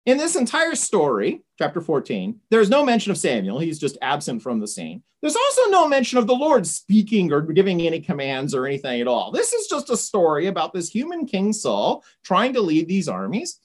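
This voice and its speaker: A woman's voice: fairly low pitch, wildly swooping pitch, moderate pace, hardly any pauses. A woman giving an informal lecture, retelling a story conversationally and often checking in with "right?".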